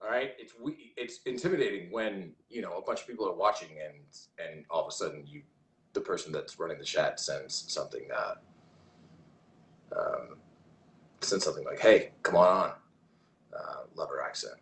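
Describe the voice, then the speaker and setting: A man's voice: deep voice, expressive, normal speed, creaky, slight background noise. A man hosts a casual livestream from home, his voice rising and falling with animation as he reads comments aloud. He rambles and restarts often, and the room around him rings with a noticeable echo. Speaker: livestream host.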